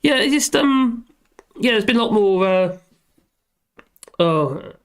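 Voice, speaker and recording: A man with a slightly high voice chats through a live stream from his desk. He rambles with plenty of fillers, reads viewer comments aloud and answers them in a loose, easygoing way. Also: lively intonation, takes it slowly, clear, resonant tone. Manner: rambling, chatty, with fillers, talking to his dog between comments.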